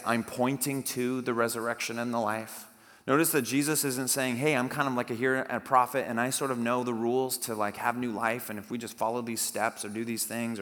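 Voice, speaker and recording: A man's voice: mid-range voice, a bit bright. A man pastor giving a conversational sermon, reading scripture aloud with dramatic emphasis. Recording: long hall reverb.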